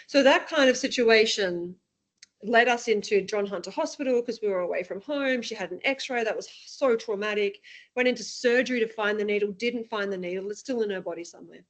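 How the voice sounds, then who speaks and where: A woman's voice: mid-range voice, brisk. Woman telling a candid story. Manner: candid, emotional, frequent restarts. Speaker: guest, parent. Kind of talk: personal storytelling interview.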